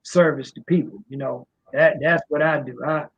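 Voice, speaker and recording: A middle-aged music promoter from Washington, D.C. rambles through a casual interview with a slight drawl and repeated fillers. His tone is steady and breathy at a moderate pace, and the sound is muffled and low-fidelity.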